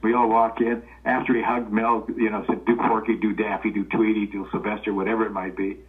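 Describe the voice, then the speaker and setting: A man's voice: on the low side, brisk. An older man from Los Angeles, a guest telling old stories and acting out the voices of the people in them. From Los Angeles, California. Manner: relaxed anecdotal storytelling, acting out quoted voices. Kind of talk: storytelling interview. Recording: tinny phone-line sound.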